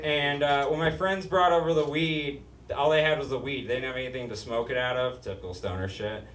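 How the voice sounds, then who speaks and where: A man's voice: medium pitch, fairly even intonation, fairly quick, fairly bright tone, slight background noise. A man from Utah performing a stand-up comedy set, with a nasal, whiny voice and a brash, profane, self-mocking delivery. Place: comedy club stage before a live audience. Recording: echoey room, distant mic, audience laughter.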